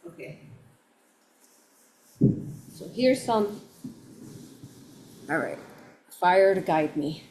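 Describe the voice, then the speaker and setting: A woman hosting a livestream, telling a story in a casual, excitable way, with frequent exclamations and restarted sentences. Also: fairly low pitch, extremely slow, pauses often, slight background noise. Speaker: livestream host.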